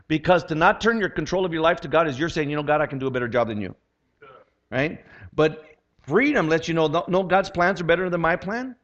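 A man's voice: a little high, a bit bright. Older male pastor, conversational sermon. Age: 60s. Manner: conversational and humorous, with rhetorical questions. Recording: lo-fi dull sound.

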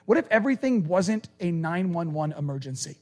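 A male preacher giving a conversational, animated sermon and acting out quoted lines. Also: high-pitched, fairly quick.

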